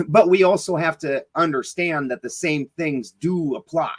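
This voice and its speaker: A man's voice: on the high side, unhurried, husky, rough recording. Blunt, rambling middle-aged man. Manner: rambling and blunt, swears freely, many fillers and restarts. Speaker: podcast guest. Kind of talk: casual storytelling interview.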